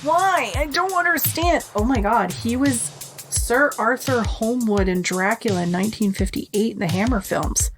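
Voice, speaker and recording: A woman co-hosting a movie podcast in casual chat, animated and profane, often acting out characters' lines. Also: medium pitch, normal speed, soft background music. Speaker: podcast co-host.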